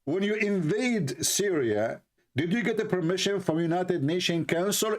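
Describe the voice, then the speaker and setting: A non-native-speaking man hosts a livestream, mocking a clip he's playing with sarcastic, repeated rhetorical questions. His voice sits high and is expressive, at normal speed.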